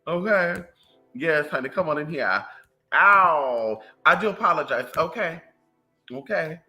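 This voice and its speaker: A livestream host ranting casually to viewers in a sassy, profane, animated way. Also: mid-range voice, measured pace, faint music behind, poor audio. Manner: animated storytelling.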